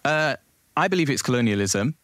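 A man's voice: medium pitch, expressive, fairly quick, fairly bright tone, no room sound, studio quality. A young man, telling stories in a casual interview as guest, laughing easily and using frequent fillers. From South East London. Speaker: guest, cultural commentator.

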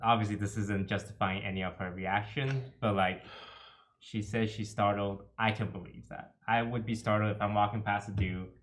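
A man co-hosting a casual podcast, calmly going back over what happened step by step. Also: fairly low pitch, moderate pace. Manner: calm, recounting step by step. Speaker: podcast co-host.

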